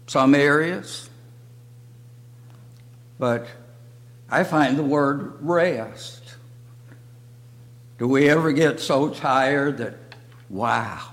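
An older man teaching a church Bible lesson in slow, halting short phrases. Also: mid-range voice. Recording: long reverb of a hall.

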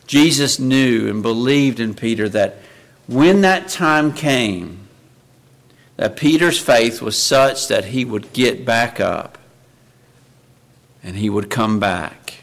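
A man's voice: medium pitch, takes it slowly. A man preaching a sermon in an earnest way, often asking his listeners rhetorical questions.

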